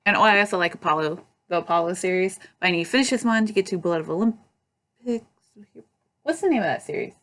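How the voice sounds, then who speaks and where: A woman's voice: on the low side, fast talker, fairly bright tone. A young woman vlogging at home, chatting casually and rambling with lots of fillers and restarts. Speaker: book vlogger. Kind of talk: casual chat. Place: at home by her bookshelves.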